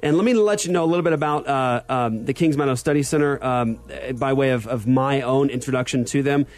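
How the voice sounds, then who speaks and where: A man in his thirties hosts a casual podcast chat, an animated storyteller bursting with energy and plenty of fillers. His mid-range voice moves fairly quickly.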